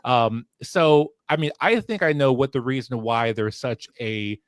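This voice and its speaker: A man's voice: medium pitch, measured pace, no echo, studio quality. A man filling in as host of a casual livestream talk show, rambling with lots of fillers and restarts, on a headset mic at home. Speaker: fill-in host.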